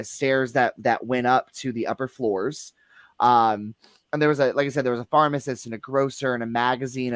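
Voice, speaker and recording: A man's voice: medium pitch, dry recording. Rambling man telling a haunting story. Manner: rambling, many restarts and fillers. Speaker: guest theater employee. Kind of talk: casual paranormal discussion.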